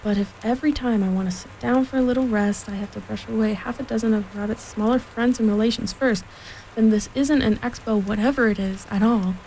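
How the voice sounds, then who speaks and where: A glum old donkey grumbles along in a slow, resigned drawl, as a woman reads him aloud. The voice is mellow and soft, and faint rain patters behind the storybook reading. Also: on the high side, fairly even intonation, slight background noise, close to an everyday voice, rough recording.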